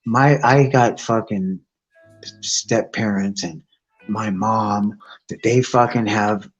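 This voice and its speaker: A man's voice: lowish voice, slow, highs cut off, faint music behind. A man hosting a live stream, telling rambling profane stories in a casual chat. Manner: crude, rambling, animated storyteller. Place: home, outdoors nearby.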